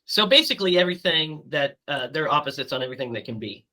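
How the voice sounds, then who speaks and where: A woman co-hosting a casual movie podcast, chatty and quick to laugh, talking while she has the hiccups. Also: low voice, animated, pushed and bright. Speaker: podcast co-host.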